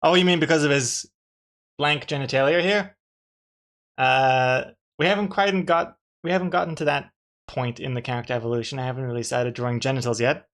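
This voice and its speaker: A comic artist draws on a live stream while chatting casually with his viewers. His mid-range voice is steady, fairly quick and slightly bright, and he rambles, restarts sentences and drops dry jokes.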